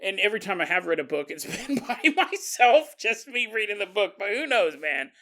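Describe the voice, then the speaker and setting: A man's voice: high-pitched, sing-song, normal speed, bright, forceful tone. A man hosting a podcast, telling a story in a jokey, casual way, acting out quoted voices and laughing often. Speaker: podcast host.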